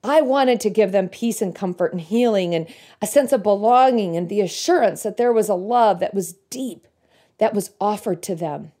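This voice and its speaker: A woman giving an earnest, reflective devotional talk, reading song lyrics slowly and thoughtfully. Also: mid-range voice, mellow. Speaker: Christian speaker.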